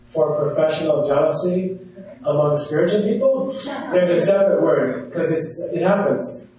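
A man's voice: fairly high pitch, animated, normal speed, warm tone. A man teaching a class, telling a story in a chatty way full of "you know" asides. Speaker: yoga teacher. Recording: echoey room heard from a distance.

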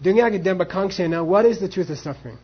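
A man's voice: high-pitched, lively intonation, quick pace, husky, muffled recording. A man teaching a class on monastic debate, acting out both sides and mixing in Tibetan phrases. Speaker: Buddhist philosophy teacher.

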